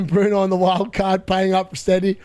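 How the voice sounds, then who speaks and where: A live watchalong streamer with a fairly high voice talks a little slowly through a football match, chatting, laughing often, and reading chat messages aloud. When an attack builds, he excitedly bursts into shouted play-by-play.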